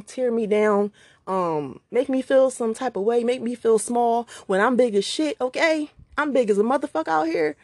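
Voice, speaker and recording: A woman's voice: mid-range voice, no echo, clean studio sound. A woman vlogging to her viewers in a casual monologue, joking and blunt, swearing often. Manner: blunt, profane, joking, lively. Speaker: vlogger giving life advice.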